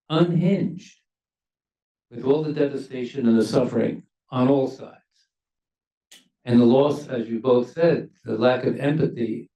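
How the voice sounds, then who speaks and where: An older man, a former ambassador, speaking on a university panel in a measured, emphatic way that leans on key words. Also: medium pitch, warm tone. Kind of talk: panel discussion remarks. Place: university lecture hall. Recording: echoey hall, mic at a distance.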